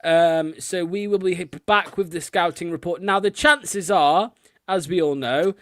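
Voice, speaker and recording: A man's voice: high voice, measured pace, dry recording, studio quality. A man hosting a football fan live stream, chatting casually and swearing often, with lots of filler ums. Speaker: host of a fan watchalong stream.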